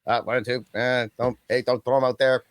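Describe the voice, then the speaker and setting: A young adult man co-hosting a casual podcast chat, rambling and animated, with lots of fillers and quick mock impressions. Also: mid-range voice, no echo, clean studio sound. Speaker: podcast co-host.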